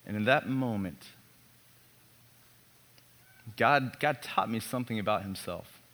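A man in his thirties, a pastor preaching a sermon built around a personal story, animated and self-mocking. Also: on the low side, normal speed, hardly any pauses.

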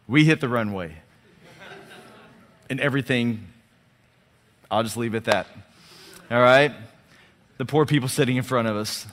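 A man preaching a sermon as a lively storyteller who acts out the dialogue and often restarts and repeats his words. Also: mid-range voice. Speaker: pastor. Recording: long hall reverb.

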